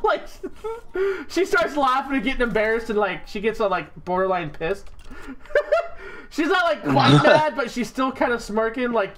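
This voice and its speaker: A man's voice: high-pitched, sing-song, moderate pace. Rowdy laughing podcast guy. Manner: rowdy, laughing, does loud mocking voices. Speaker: podcast co-host. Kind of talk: casual crude banter.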